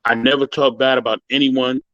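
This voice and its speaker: A man on a video call earnestly recounting a hurtful experience, emotional and halting, often saying "you know". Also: mid-range voice, flat delivery, a bit bright, no echo, dull audio. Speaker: guest sharing a story. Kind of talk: personal story on a video call.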